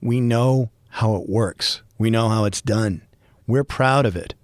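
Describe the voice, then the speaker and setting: A middle-aged man from Boston with a Boston accent, hosting a solo podcast and rambling with wry, self-mocking humor and bursts of mock yelling. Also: on the low side, unhurried, dry recording, studio quality. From Boston, USA. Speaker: podcast host. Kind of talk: freeform solo podcast monologue.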